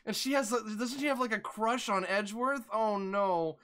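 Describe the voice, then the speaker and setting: A woman's voice: on the high side, moderate pace, fairly bright tone. A woman streaming a game, chatting casually with viewers in a laughing, self-interrupting way. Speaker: streamer reading game dialogue. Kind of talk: casual live-stream chat. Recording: game music underneath.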